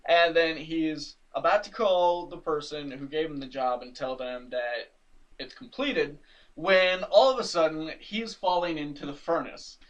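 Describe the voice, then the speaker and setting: Man, podcast co-host, casual comic recap, slightly high voice, lively, a little off-mic. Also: measured pace, distant mic, rough recording. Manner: animated, laughs often, acts out characters' lines.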